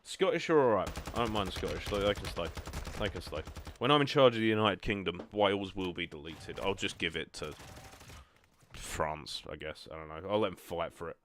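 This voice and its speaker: A man's voice: deep voice, fairly quick, fairly bright tone, a little hiss or hum. A young man hosting a gaming video, chatting casually and self-deprecatingly with lots of ums. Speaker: gaming channel host. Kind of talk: casual gameplay chat.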